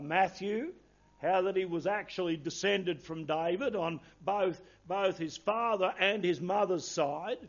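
A man's voice: high-pitched, highs cut off. A man preaching a sermon, earnest and emphatic, quoting scripture in old-fashioned wording.

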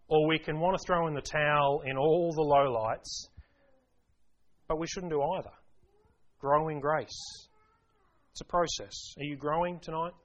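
A man's voice: a little high, fairly bright tone, dull audio. A man preaching a sermon to a congregation, emphatic, repeating key phrases and asking rhetorical questions. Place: church service.

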